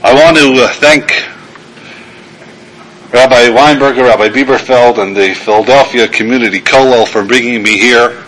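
A man's voice: medium pitch, fairly even intonation, moderate pace, fairly bright tone, slight background noise, low-quality recording. An older man, a rabbi, giving a talk and telling a story in a self-deprecating, storytelling manner, acting out the characters. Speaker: rabbi and guest lecturer. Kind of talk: sermon-style talk with anecdote.

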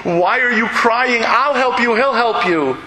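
A man's voice: very high-pitched, unhurried, sharp tone, roomy sound, a little hiss or hum, voice pushed up, exaggerated voice, rough recording. A man voicing a very wealthy American man who pleads urgently and insistently. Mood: pleading.

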